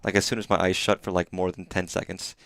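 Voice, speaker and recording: Male streamer, low voice, sleepy and rambling, profane, dry sound. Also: little pitch movement, fast, vocal fry, fairly bright tone, smooth, no room sound. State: exhausted, sleepy. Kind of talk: live gameplay commentary.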